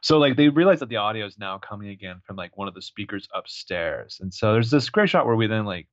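Lower-voiced man, dull lo-fi audio. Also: lively intonation, fast talker, no echo. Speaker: podcast co-host. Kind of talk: casual recap chat.

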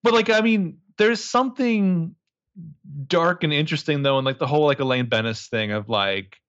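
A man's voice: a little high, moderate pace, fairly bright tone, highs cut off. A man casually recapping a movie as a podcast co-host, crude and joking, rambling with lots of fillers.

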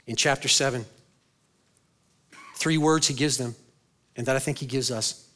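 A man preaching a sermon as pastor, swinging between loud, high bursts and quiet, low stretches, and asking the congregation questions he answers himself. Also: steady tone, normal speed.

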